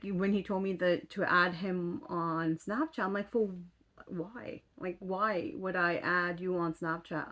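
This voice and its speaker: Woman, thirties, lower voice, casual vlog chat, exasperated, swears, filler-heavy. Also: pushed and bright. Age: 30s. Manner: chatty, exasperated storytelling full of fillers. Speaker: vlogger.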